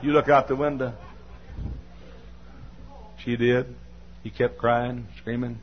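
Folksy Southern preacher telling a story. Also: male voice, mid-range voice, fairly even intonation, takes it slowly, some chatter behind. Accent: Southern American. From American South. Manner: folksy, scolds the audience, bursts into shouts. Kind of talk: sermon storytelling. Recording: dull lo-fi sermon recording.

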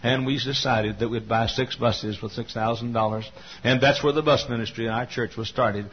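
An older man preaching a sermon, telling stories with fervor and building to loud cries. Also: medium pitch, steady tone, moderate pace, slight background noise. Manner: fervent storytelling preacher, rising to cries. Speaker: pastor. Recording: dull lo-fi sermon recording.

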